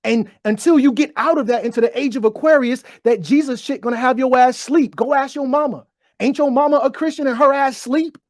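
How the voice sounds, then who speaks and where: With a high voice and fairly quick delivery, an online show host lectures viewers in a profane, preachy monologue, stuttering as they go. The desk microphone gets bumped while they talk, and the studio-quality audio has no echo.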